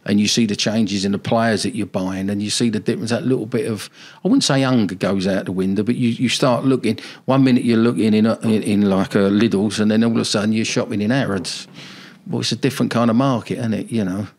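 Gravelly older football man. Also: on the low side, steady tone, quick pace, darkish tone. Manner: rambling, anecdotal, with slang. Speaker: former football manager, guest. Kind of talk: casual interview talk.

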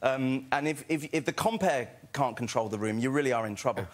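A man from England, a comedian, telling an animated anecdote on a talk show and laughing as he goes. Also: mid-range voice, fairly quick. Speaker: comedian guest.

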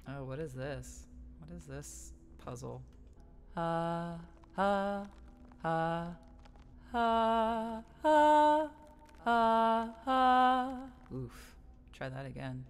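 A woman's voice: a little high, big pitch swings, drawn-out words, long pauses, a bit bright, faint music behind. A woman commenting playfully on a game she plays, singing and humming along and laughing often. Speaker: gamer streamer. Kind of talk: game play-through commentary.

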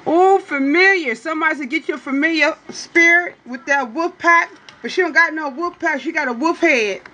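A woman's voice: normal speed, sharp tone. A woman hosting a casual livestream, talking straight to her viewers in a playful, teasing way and often asking "you hear me?". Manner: drawling, swoops into high exclamations. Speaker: livestream host reading for viewers.

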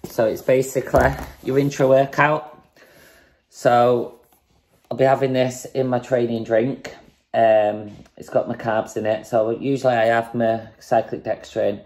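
A woman's voice: very deep voice, level tone, measured pace, a little mellow. A woman casually chatting in a home vlog, breezy and swearing now and then as she shows off products. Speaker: fitness vlogger.

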